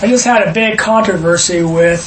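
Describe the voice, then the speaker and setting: A man teaching scripture with a fairly high voice, emphatic and prone to tangents as he reads verses aloud. His voice rings in an echoey room, over a faint hiss. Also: normal speed. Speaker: Bible study teacher. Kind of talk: informal Bible teaching.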